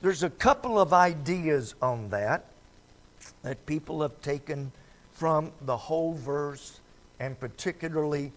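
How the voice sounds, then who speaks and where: A man's voice: on the high side, a little slow. A man preaching a midweek church Bible study in a folksy, conversational way, often putting questions to the congregation. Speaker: pastor. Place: church sanctuary.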